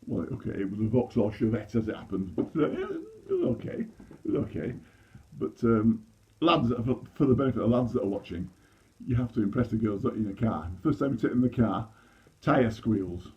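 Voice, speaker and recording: A man's voice: fairly low pitch, brisk, muffled recording. A man in his sixties with a Yorkshire accent, doing a chatty, self-deprecating stand-up comedy monologue full of restarts. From Leeds, England. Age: 60s. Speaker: amateur comedian.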